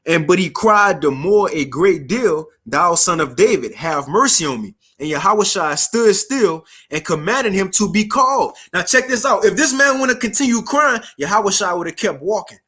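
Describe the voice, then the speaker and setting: A man preaching a casual street sermon, reading scripture slowly and formally, then explaining it in slang and checking in with his listeners. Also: sits high, lively intonation, sharp tone, slightly rough.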